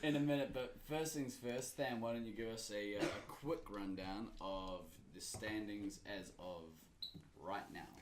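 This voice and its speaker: A man's voice: on the low side, unhurried, heavy background noise. A man hosting a casual podcast, laid-back and laughing with the panel, swearing freely. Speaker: podcast host.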